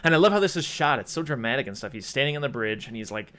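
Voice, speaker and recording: A man's voice: mid-range voice, animated, racing, a bit bright. A young man hosting a casual podcast chat about movies, rambling through scenes and acting out the lines. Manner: rambling retelling with acted-out quotes. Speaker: podcast host.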